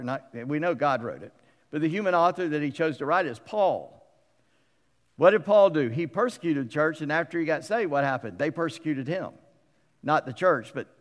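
A middle-aged male pastor preaching a sermon in a conversational, animated way, acting out quotes with humorous asides. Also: on the high side. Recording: long reverb of a large hall.

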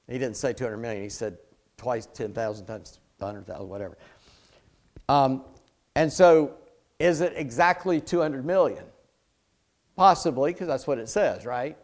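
A man's voice: mid-range voice, moderate pace, darkish tone. A middle-aged man preaching a sermon in a conversational way, with chatty asides and jokes. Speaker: pastor.

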